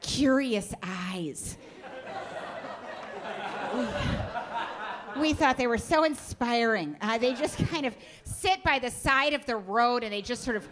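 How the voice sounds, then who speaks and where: A woman's voice: on the high side, expressive, takes it slowly, long pauses, a crowd in the background. A woman voicing an oblivious, pompous middle-aged mother who talks in a sweetly patronizing, airy way. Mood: gushing. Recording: live club with audience laughter.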